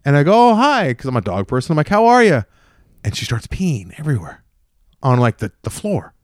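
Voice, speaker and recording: A man's voice: mid-range voice, a little fast, no echo, clean studio sound. A man telling a story in casual podcast chat, restarting sentences often and acting out the people in it. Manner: rambling, animated retelling with many restarts. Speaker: podcast host.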